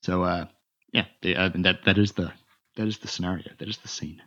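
A man's voice: low-pitched, steady tone, a little fast, pushed and bright. A man narrating as game master in a tabletop game, stumbling through many repeated words and fillers. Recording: dull lo-fi sound.

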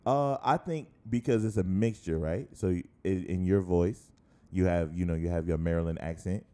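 A man's voice: low voice, moderate pace, dark tone. A man co-hosting and producing a casual podcast, a chatty storyteller who laughs often.

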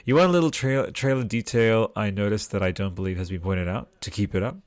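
Low-voiced tired man chatting on a stream. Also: brisk, dry recording. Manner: rambling, chatty, swears freely. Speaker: podcast host. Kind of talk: casual livestream chat reading viewer comments. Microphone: desktop mic with headphones.

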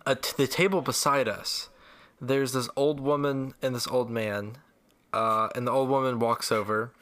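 A man with a bright, forward voice telling a story on a podcast. He talks casually, slips into quick impressions of the people in the story and laughs often. His pitch sits in the middle. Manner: animated storyteller, laughs often, acts out quotes. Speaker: podcast co-host. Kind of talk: casual chat.

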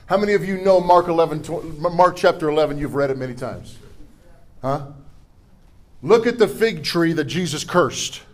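A middle-aged man preaching a sermon, reading scripture and leading call-and-response with the congregation, with humorous asides and forceful declarations. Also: on the high side, normal speed. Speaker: pastor.

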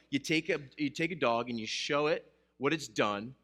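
Bright-voiced male pastor preaching conversationally. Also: mid-range voice, moderate pace. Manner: conversational preaching with jokes and questions to the congregation. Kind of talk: sermon. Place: church, addressing a live congregation.

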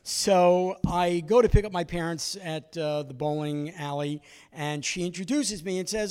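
A comedian from Brooklyn, New York, hosting a storytelling show, with a conversational, filler-heavy delivery. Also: male voice, a little high, normal speed, darkish tone, big-room sound. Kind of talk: live stand-up storytelling. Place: theater stage before a live audience.

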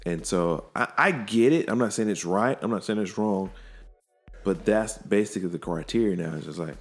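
Gravelly low-voiced man telling stories. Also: moderate pace. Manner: earnest storytelling, retelling friends' conversations. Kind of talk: casual podcast chat.

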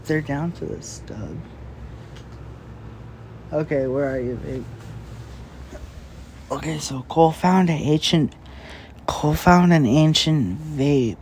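A young man hosting a late-night podcast, talking in a slow, crude, meandering way full of fillers and swearing, breathing heavily after a big meal. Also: fairly high pitch, darkish tone, slight background noise. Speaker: podcast host. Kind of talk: rambling late-night casual chat. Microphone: podcast microphone.

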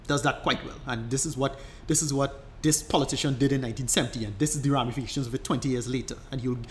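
A man's voice: mid-range voice, fairly even intonation, fast talker, a little hiss or hum. Rambling man explaining casually. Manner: rambling, restarts often, enthusiastic explainer. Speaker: podcast co-host. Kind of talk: casual chat.

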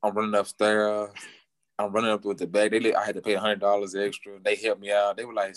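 A man, a football player telling a story in an interview and acting out quotes with big jumps in pitch, laughing often. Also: monotone, fast, dry recording.

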